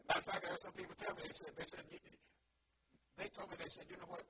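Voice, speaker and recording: A male preacher delivering a sermon, peppering his lines with amens and repeating phrases for emphasis. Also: fast. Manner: rhythmic, peppers lines with "amen" and "glory to God". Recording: distant mic with loud background noise.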